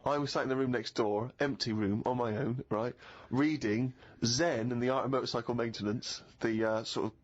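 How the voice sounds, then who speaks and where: Middle-aged co-host, self-mocking storyteller, mid-pitched, slightly muffled podcast sound. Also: male voice, steady tone, normal speed, few pauses. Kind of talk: casual chat. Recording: slightly dull podcast audio.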